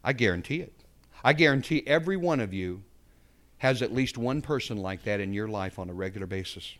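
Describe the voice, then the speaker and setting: A man's voice: lowish voice, expressive, fairly quick, a bit bright. A man preaching a sermon, telling a story and then building to fervent emphasis. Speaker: pastor.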